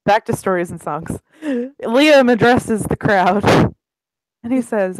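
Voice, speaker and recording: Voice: medium pitch, animated, slow pace, no echo, poor audio. Casual game master narrating the session. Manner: casual narration with swearing and asides.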